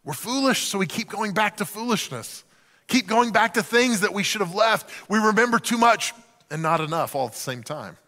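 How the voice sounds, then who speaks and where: A man preaching a sermon in an animated way, acting out the voices of the people in the story. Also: high-pitched, normal speed, in a large hall. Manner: animated, acts out quoted voices. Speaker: pastor.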